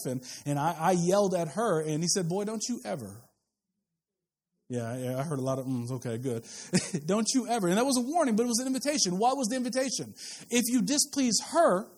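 A man's voice: high voice, darkish tone. A middle-aged man preaching a sermon in a church, talking to the congregation and often repeating words as he restarts. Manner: conversational preaching, frequent word repeats and restarts. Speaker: pastor. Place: church sanctuary with pews.

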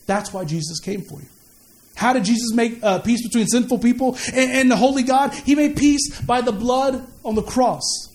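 A man's voice: extremely high pitch, moderate pace, a little mellow. A man preaching a sermon in a conversational way, repeating words and asking the listeners questions. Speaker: pastor.

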